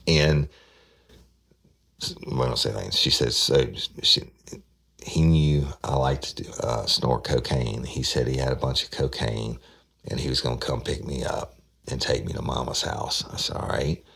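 A middle-aged man with a drawl narrates a true-crime case in a blunt, unhurried, profane way. His voice sits extremely low, thick with vocal fry and a husky edge. It sounds like a podcast storyteller talking straight to his listeners. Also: fairly even intonation, fairly bright tone. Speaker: host, former investigator telling a case.

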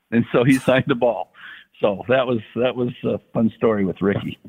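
A man in his sixties, a former baseball athletic trainer, telling stories in a folksy, halting way with frequent restarts and quoted voices. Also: medium pitch, expressive, a bit bright, slightly rough. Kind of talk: relaxed anecdotal storytelling. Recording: tinny phone-line audio.

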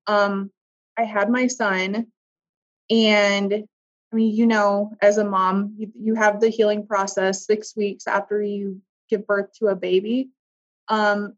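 A woman, a guest in a conversation, telling a personal story haltingly, with restarts and soft trailing pauses. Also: medium pitch, highs cut off.

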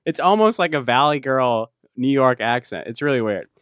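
Rambling podcast host with lively pitch. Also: male voice, moderate pace, dry recording, studio quality. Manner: rambling, with many fillers and restarts; laughs often while talking. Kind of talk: casual chat.

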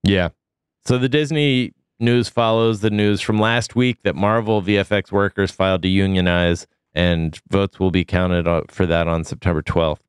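A man co-hosting a podcast, talking through a cold in a deep gravelly voice, relaxed and full of ums. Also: dry recording, studio quality. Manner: relaxed, with many ums and uhs. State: sick, foggy. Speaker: podcast co-host. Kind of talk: casual news chat.

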